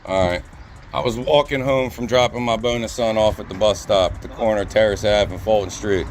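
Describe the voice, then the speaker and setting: A man filming himself on his phone outdoors, loudly and insistently telling a police officer about a complaint. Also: lowish voice, steady tone, a little fast, a little hiss or hum. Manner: loud, insistent, repeats himself. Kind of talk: heated street complaint. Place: outdoors on a city street. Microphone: phone held by speaker.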